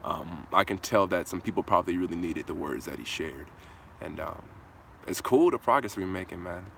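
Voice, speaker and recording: A man's voice: deep voice, animated, moderate pace, vocal fry, a bit bright, a little hiss or hum. A man hosting a casual live Q&A outdoors, talking in a laid-back, slangy way into a hand-held phone. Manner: laid-back slangy talk, answers viewer comments. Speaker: host.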